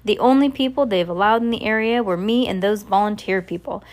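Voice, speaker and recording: A woman's voice: mid-range voice, brisk, darkish tone, lightly acted. A woman putting on a sneering delivery man. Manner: sneering, blunt.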